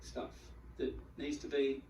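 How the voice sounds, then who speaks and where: A man giving a spiritual teaching talk to a group, animated, acting out the feelings he describes and often repeating words as he goes. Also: medium pitch, unhurried, dull audio, noisy background. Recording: echoey room, mic at a distance.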